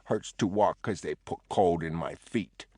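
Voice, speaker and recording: A man's voice: sits low, a little slow, a little mellow, breathy edge, dry recording, studio quality. A man doing a mumbling, fixated male patient. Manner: mumbling, repetitive, subdued. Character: mentally ill male patient, muttering.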